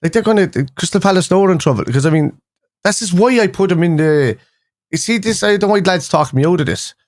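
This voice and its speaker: A young man hosts a casual fan live stream, chatting loosely with viewers and rambling through fillers and restarts. His voice sits high and sounds expressive, moving at a quick pace. The recording is dry and of studio quality.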